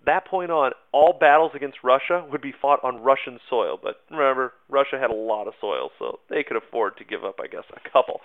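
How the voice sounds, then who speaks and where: A man's voice: mid-range voice, lively intonation, a little fast, hardly any pauses. A man giving a casual history lecture as a teacher, talking in an informal, chatty way with many fillers and asides. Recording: narrow phone-like sound.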